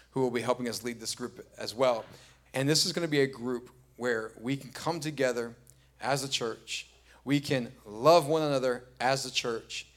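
A man's voice: medium pitch, fairly bright tone. A middle-aged man preaching a sermon as pastor, telling stories conversationally and building to emphatic repeated points. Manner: conversational storytelling, rising to emphatic repetition.

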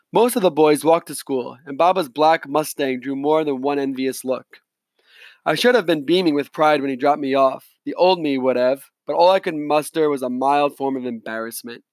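A man reading a novel aloud in the first person, in a measured, reflective manner, close to the mic. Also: on the high side, no echo. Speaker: audiobook narrator. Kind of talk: scripted narration, first person.

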